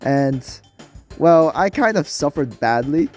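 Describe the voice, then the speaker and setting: A man's voice: fairly high pitch, expressive, slow, a little mellow, faint music behind. A young man with a nasal voice talking casually about a mobile game he plays, hesitant and rambling, with many fillers and restarts. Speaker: gaming video creator. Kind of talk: casual gameplay commentary.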